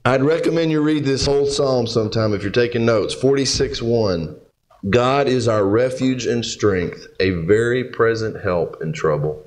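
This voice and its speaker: A man's voice: mid-range voice, moderate pace. Man preaching a conversational sermon. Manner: conversational preaching, asks the congregation questions, reads scripture aloud. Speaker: pastor.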